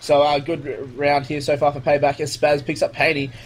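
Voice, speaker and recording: A man doing live play-by-play commentary on a competitive shooter match, brisk and light-hearted, amused by blunders. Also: a little high, flat delivery, a little hiss or hum, low-quality recording. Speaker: esports shoutcaster.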